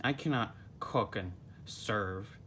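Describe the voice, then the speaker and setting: A man's voice: lowish voice, slow pace, pushed and bright, a little hiss or hum. A man voicing a grumpy, put-upon male squid from a cartoon, complaining as he reads a storybook. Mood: exasperated.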